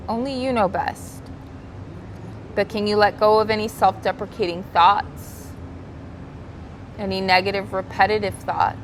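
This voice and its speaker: A woman teaching a guided yoga class outdoors by the ocean, giving gentle, soothing, unhurried cues and slipping into Spanish now and then. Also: mid-range voice, slight background noise. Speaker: yoga instructor.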